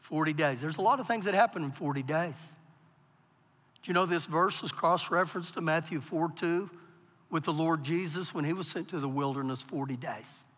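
Man preaching, high voice, reverberant church hall. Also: normal speed. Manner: preaching with big swings from quiet to loud. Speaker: pastor. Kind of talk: sermon.

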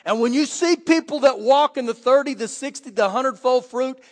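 A man preaching a sermon as pastor, telling lively stories and acting out quoted voices. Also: very high voice, normal speed, in a large hall. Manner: animated storytelling with quoted voices. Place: church sanctuary.

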